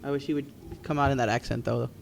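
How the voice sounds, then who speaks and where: A man's voice: medium pitch, fairly even intonation, quick pace, creaky, a little hiss or hum. A man co-hosting a podcast, recapping wrestling matches in casual, rambling chat with frequent ums and restarts. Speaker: podcast co-host.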